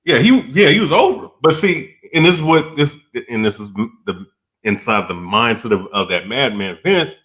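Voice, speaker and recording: A man's voice: medium pitch, very animated, normal speed, a bit bright. A man co-hosting a casual wrestling debate, talking in loose, self-correcting sentences and often asking "you know what I'm saying?".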